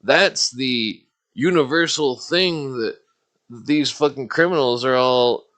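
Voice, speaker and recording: A man's voice: medium pitch, slow, fairly bright tone. A man hosting a livestream, ranting angrily and profanely in a rambling way, with restarts. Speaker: livestream host.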